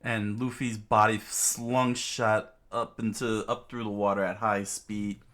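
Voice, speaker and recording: Slow, low-voiced man reading a manga. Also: little pitch movement, fairly bright tone. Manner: halting, many fillers and restarts. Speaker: reader. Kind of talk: casual manga read-aloud.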